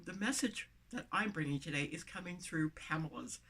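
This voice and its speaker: A woman's voice: deep voice, animated, moderate pace, fairly bright tone, slightly rough. Woman with a lisp, emphatic motivational vlogger. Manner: emphatic, repeating phrases for emphasis. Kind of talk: motivational talk to camera. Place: inside a van.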